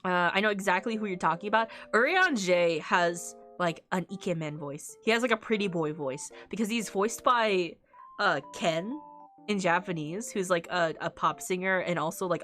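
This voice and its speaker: A woman's voice: lowish voice, moderate pace, fairly bright tone, faint music behind. A woman streamer in a casual, rambling chat, often breaking into laughter.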